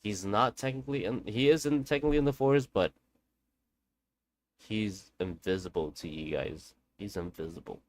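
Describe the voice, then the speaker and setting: A man quoting a female village shaman in his own low voice, telling what must be done in a blunt, instructive way. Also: moderate pace, natural voice. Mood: instructing.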